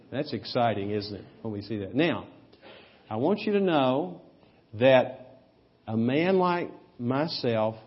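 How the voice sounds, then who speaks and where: A man preaching a sermon, telling anecdotes with humor and sudden bursts of loud emphasis. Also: mid-range voice, slightly rough, highs cut off. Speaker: pastor. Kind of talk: sermon with storytelling.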